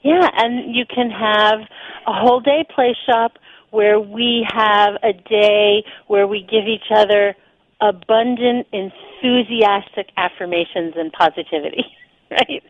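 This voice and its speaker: A woman, a guest sexuality teacher, explaining ideas in a relaxed conversational way during a radio interview, with fillers and restarts. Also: mid-range voice, a little slow. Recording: slightly dull lo-fi radio audio.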